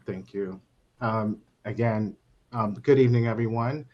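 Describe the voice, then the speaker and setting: A middle-aged man from Brooklyn, under the weather, speaking on a panel in a halting way full of fillers. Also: on the low side, highs cut off. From Brooklyn, New York. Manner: halting, many fillers and restarts. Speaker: panel guest, account manager. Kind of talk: casual panel talk.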